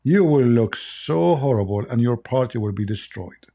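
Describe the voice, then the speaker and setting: A man's voice: mid-range voice, lively intonation, moderate pace, gravelly, dark tone. A middle-aged man with an Arabic accent hosting a livestream, blunt, mocking and emphatic in his commentary. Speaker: livestream host.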